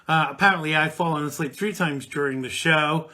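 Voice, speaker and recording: A man's voice: fairly high pitch, a little fast, pushed and bright. A man around forty hosting a live call-in radio show, chatting casually and rambling with lots of ums and restarts. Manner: rambling, with many fillers and restarts. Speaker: radio talk show host.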